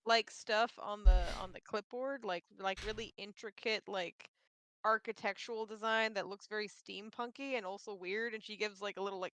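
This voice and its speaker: A woman's voice: mid-range voice, steady tone, normal speed, fairly bright tone, a little hiss or hum, low-quality recording. Rambling female player. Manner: rambling, filler-heavy description. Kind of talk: casual tabletop chat.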